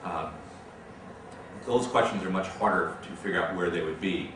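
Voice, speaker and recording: Man lecturing in a big echoey hall, bright and somewhat low, miked from afar, faint hiss; measured, stumbling restarts. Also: recorded from a distance. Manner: measured, repeats words when starting sentences. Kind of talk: lecture answering audience questions.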